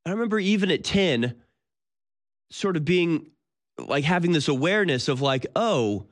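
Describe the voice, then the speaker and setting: A man's voice: fairly high pitch, animated, moderate pace. A man in his thirties hosting a talk show, delivering a sardonic, incredulous monologue with frequent laughs. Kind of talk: casual monologue.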